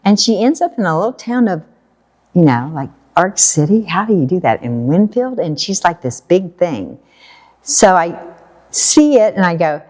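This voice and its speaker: An American woman telling a personal story in a casual talk, animated and laughing often while she acts out what people said. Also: on the low side, moderate pace. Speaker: guest storyteller.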